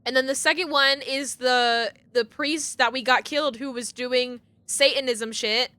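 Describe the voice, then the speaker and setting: A woman's voice: sits high, steady tone, a little slow, pushed and bright, dry recording. A young woman streaming a game live, reading its text aloud and reacting with gasps, shrieks and lots of swearing.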